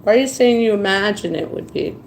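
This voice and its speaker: A woman's voice: mid-range voice, lively intonation, a little fast, creaky, darkish tone, slight background noise, low-quality recording. A tired woman hosting a casual live stream, rambling between topics and reading viewer comments aloud. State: tired after crying.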